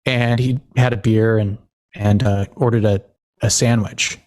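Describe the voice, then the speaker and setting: Laughing frequently, this podcast host spins loose, rambling family tales and acts out the quotes of the people in them. He speaks unhurriedly in a lowish, slightly mellow voice with fairly even intonation.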